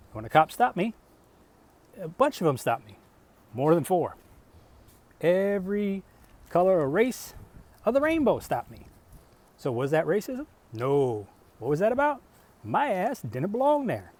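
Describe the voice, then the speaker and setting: This middle-aged man's voice sits a little high with a darkish tone, sing-song and a little slow, with long pauses. In his vlog he tells stories casually, bluntly and profanely, wandering off track and posing rhetorical questions as he chats.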